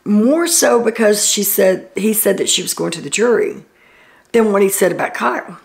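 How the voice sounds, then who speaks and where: A woman's voice: medium pitch, expressive, normal speed, vocal fry. A woman hosting a casual reality TV recap, chatty and opinionated as she loosely retells the day's events with fillers.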